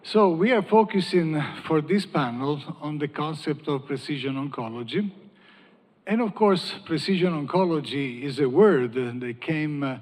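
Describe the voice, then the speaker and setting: A man's voice: on the high side, normal speed. Italian-accented man in a reverberant hall. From Italy. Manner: upbeat, self-deprecating and joking. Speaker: panel moderator. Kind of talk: conference panel opening remarks. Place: large conference hall.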